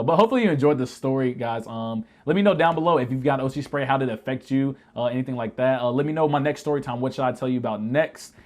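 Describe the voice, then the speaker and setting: A man in a casual storytime vlog, retelling an army-style ordeal with heavy swearing and animated, shouted asides. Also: medium pitch. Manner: profane, animated retelling that shouts quoted lines. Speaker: vlogger telling a military story.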